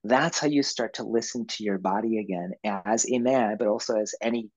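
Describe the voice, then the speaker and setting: Husky-voiced man, easygoing coach. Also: on the low side, a little fast, dry recording, low-quality recording. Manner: easygoing, laughs often, explains in a calm coaching way. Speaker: podcast guest, author and yoga instructor. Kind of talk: conversational podcast interview.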